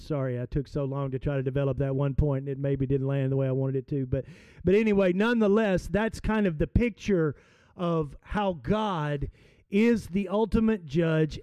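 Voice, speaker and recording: Male preacher, chatty and halting, slows for emphasis; smooth, dry close sound. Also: on the high side, dark tone, no echo. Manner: conversational, hesitant with fillers, slows for emphasis. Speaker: pastor. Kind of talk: sermon with storytelling and scripture reading.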